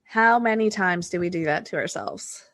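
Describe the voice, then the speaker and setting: A woman's voice: on the low side, moderate pace, a bit bright. A woman hosting a casual solo podcast, reading oracle cards and talking through her thoughts with lots of fillers. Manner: thinking aloud, many fillers. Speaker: podcast host and manifestation coach.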